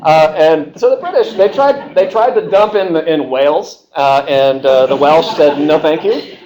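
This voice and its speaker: A man's voice: fairly high pitch, measured pace. A man giving a university history seminar, speaking with lots of "uh" fillers and restarts and briefly acting out the people he quotes. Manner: animated, acts out quoted voices, many filler uhs and restarts. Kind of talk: university lecture.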